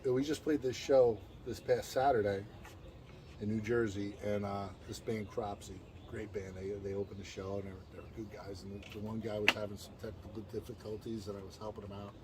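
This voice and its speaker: A man's voice: lowish voice, a little fast, crowd noise. Profane man telling rowdy tour stories. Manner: animated, profane, acts out quotes in other voices. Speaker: band member, guest. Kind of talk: casual storytelling chat.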